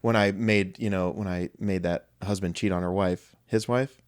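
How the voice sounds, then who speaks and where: A man's voice: sits low, steady tone, moderate pace. A young man in his twenties co-hosting a podcast in casual chat, joking and teasing, breaking into laughs and goofy voices. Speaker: podcast co-host.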